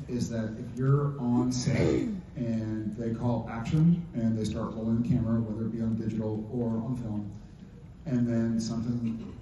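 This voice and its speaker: A man on a convention panel, telling an animated story with playful asides. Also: medium pitch, slight background noise. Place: large convention hall. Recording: dull echoey hall sound from a distance.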